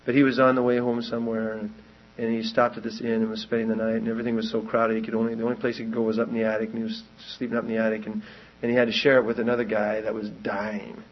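Man, preacher, husky voice, rambling storytelling, urgent exhortation, muffled lo-fi recording. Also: on the low side, monotone, racing, hardly any pauses. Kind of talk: sermon.

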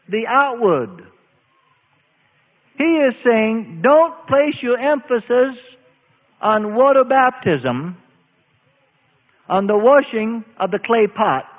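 Male preacher, high and animated voice, deliberate pace; tinny recording with long hall reverb. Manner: slow, emphatic preaching with drawn-out phrases. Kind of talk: sermon. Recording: phone-like audio in a reverberant hall.

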